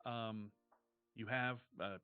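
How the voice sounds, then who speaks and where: A man voicing a frazzled mother who is leaving with her kids, rushed, pushy and swearing. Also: on the low side, steady tone, clean tone, phone-quality sound, soft background music. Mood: insistent.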